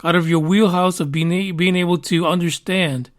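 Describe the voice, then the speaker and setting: Casting: male podcast host, fairly high voice, loose rambling delivery with fillers. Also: steady tone, normal speed. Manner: rambling and conversational, with fillers and swearing. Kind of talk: casual podcast monologue.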